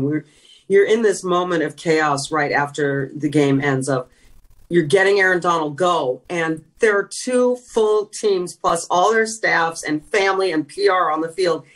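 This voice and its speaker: Husky woman recalling, a little off-mic. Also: deep voice, a bit bright, far from the mic. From California. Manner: reflective, emotional storytelling. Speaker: guest, retired sideline reporter. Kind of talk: conversational interview.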